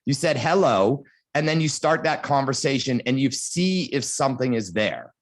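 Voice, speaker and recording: A man on a panel giving advice as a motivational speaker, telling lively stories and acting out little scenes. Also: medium pitch, normal speed. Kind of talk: storytelling advice.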